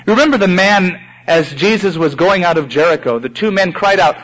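Male preacher, high voice, animated sermon delivery, acts out prayers; dull lo-fi recording. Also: normal speed.

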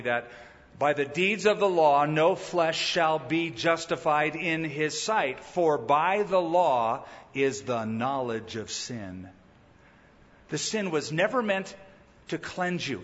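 A male pastor preaching a sermon in a lively way, often acting out the people he quotes. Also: a little high, big-room sound, muffled recording. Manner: animated preaching that acts out quoted speakers.

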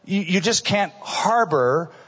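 A middle-aged male pastor preaching a sermon in an earnest, conversational way, often dropping to a soft voice for asides. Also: sits high, animated, slow, slightly rough. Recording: dull recording in a large reverberant hall.

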